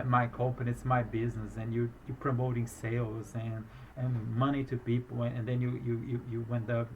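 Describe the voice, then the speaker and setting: Halting, rambling man with a foreign accent. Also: mid-range voice, highs cut off, a little hiss or hum. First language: not English, speaks with a foreign accent. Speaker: business owner recounting a fraud case. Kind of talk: emotional personal account.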